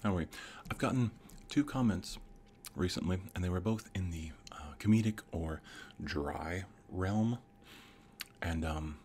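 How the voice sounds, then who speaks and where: A middle-aged man hosting an ASMR channel, rambling in a soft whisper in whispered role-play. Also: sits low, unhurried, pauses often, a little hiss or hum. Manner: rambling, softly whispered musing.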